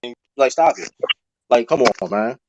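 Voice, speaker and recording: A man with a deep voice in a heated panel debate, talking loud and repeating himself defensively. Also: expressive, normal speed, background noise. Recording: dry, dull lo-fi sound.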